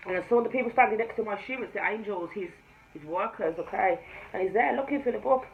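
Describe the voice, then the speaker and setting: Woman w/ jamaican-tinged accent telling her testimony to camera, emphatic, goes hushed then loud, kinda dull recording w/ faint room hum. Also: medium pitch, fast, gravelly. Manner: emphatic storytelling, often swinging between hushed and loud. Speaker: tarot reader and spiritual mentor. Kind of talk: personal testimony told to camera.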